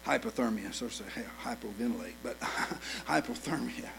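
A man preaching a sermon, repeating phrases and building to loud, emphatic calls with frequent "uh" fillers. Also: medium pitch, normal speed, gravelly, breathy edge.

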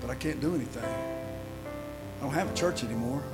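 A middle-aged man preaching a sermon as a pastor, dropping to quiet storytelling and rising to shouted, half-sung lines. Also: mid-range voice, moderate pace, loud music behind the voice, poor audio.

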